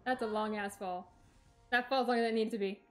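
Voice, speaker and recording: A woman's voice: on the high side, steady tone, a little fast, faint music behind. A young woman streaming a video game, talking to herself with chatty, dramatic exclamations. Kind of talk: let's play commentary.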